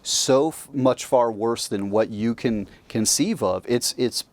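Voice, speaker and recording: A man's voice: medium pitch, takes it slowly, a little mellow. Male podcast guest, blunt and frank, casual talk. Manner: blunt and frank, agrees often with short replies.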